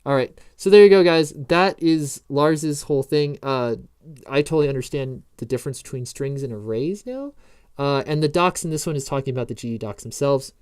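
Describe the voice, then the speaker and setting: Fairly quick and expressive, this man's medium-pitched voice has a smooth, darkish tone. He's a programming tutorial host running a casual screen-recorded lesson, wandering through his notes with jokes and constant self-interruptions.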